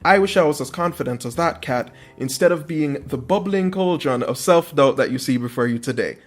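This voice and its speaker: A man's voice: on the high side, expressive, brisk, hardly any pauses. A young man hosting a podcast, retelling a dream with wry, self-mocking asides and theatrical flourishes. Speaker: podcast host.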